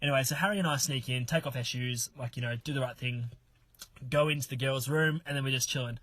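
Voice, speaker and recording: A man's voice: mid-range voice, fast talker, a bit bright, dry recording. A man telling a long story among friends, swearing, laughing and acting out other people's lines. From Australia. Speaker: mystery guest telling a story.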